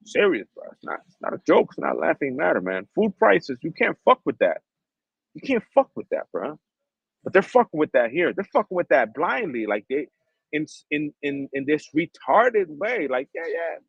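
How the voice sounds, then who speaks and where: A man's voice: fairly high pitch, sing-song, normal speed, creaky, slightly rough, no echo, dull audio. A man hosting a livestream, ranting in heated, profane street slang. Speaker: livestream host.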